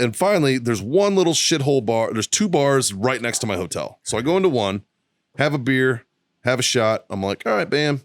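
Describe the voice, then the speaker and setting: A man's voice: medium pitch, no room sound. Profane rowdy man. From South Boston. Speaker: podcast co-host. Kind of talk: casual storytelling.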